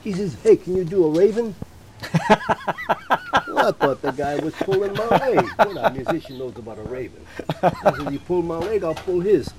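A man's voice: fairly high pitch, normal speed, long pauses, crowd noise. An older man, a veteran entertainer, telling anecdotes in a radio interview and acting out the voices of the people he quotes. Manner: lively anecdotal storyteller, acts out quoted voices. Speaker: guest, veteran voice actor and musician.

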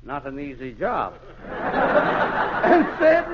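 A man's voice: sits high, sing-song, normal speed. A man doing hammy, mock-hardboiled narration as an inspector in a 1940s radio comedy. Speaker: comic narrator playing an inspector. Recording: muffled hissy old radio recording.

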